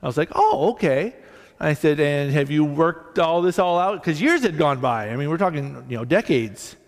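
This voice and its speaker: A male pastor preaching a sermon, animated as he tells stories and acts out both sides of conversations. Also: fairly high pitch, normal speed, long reverb tail. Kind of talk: sermon with storytelling.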